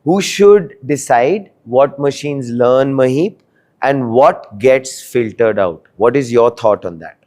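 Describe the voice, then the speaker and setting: A male show host leads the interview and closes the episode. He stretches out his questions and fills pauses with frequent hesitations. His voice sits at a middle pitch. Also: lively intonation, mellow. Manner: filler-heavy, drawn-out questions. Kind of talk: interview hosting.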